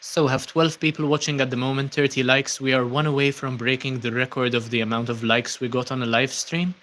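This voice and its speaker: Young guy from malta doing a chill livestream, lots of ums, mid pitched voice. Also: brisk. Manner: relaxed, many ums and uhs, thanking viewers. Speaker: livestream host. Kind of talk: casual livestream chat reading comments.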